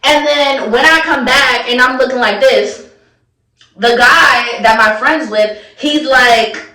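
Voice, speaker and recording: A young woman telling a personal story in a casual, slangy, animated way, acting out her own reactions. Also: sits high, slow, far from the mic. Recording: echoey room, voice away from mic.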